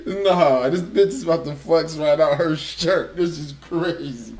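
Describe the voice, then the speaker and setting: A man's voice: a little high, unhurried, darkish tone. A young man co-hosting and reacting casually, laid-back and slangy, often laughing. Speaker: co-host. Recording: music bed under voice.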